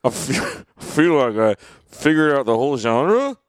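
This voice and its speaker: A man doing a President Obama impression, with halting upspeak and vocal fry, stammering through pauses in an apartment. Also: medium pitch, big pitch swings, dry recording, voice pushed down. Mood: mock-presidential.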